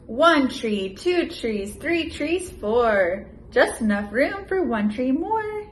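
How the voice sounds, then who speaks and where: A young woman and mother chatting casually in a home vlog and reading a children's picture book aloud with lively sound effects. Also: sits high, takes it slowly, slight background noise. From United States. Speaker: vlogger, mother.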